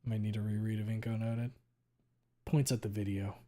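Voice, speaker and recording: A male streamer chatting casually with viewers, talking quickly and running words together, with a lot of swearing. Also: lowish voice, level tone, warm tone. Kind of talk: casual chat reading viewer messages.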